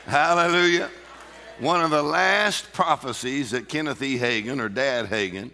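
A man preaching a sermon with exuberant energy, breaking into shouts and bursts of laughter. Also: medium pitch, long reverb tail. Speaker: pastor.

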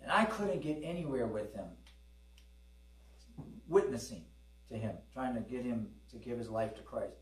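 Here a middle-aged preacher delivers a sermon in the manner of conversational storytelling, addressing the congregation directly. His mid-range voice is animated, at normal speed, with frequent pauses. The recording is distant, picking up the echo of the church hall.

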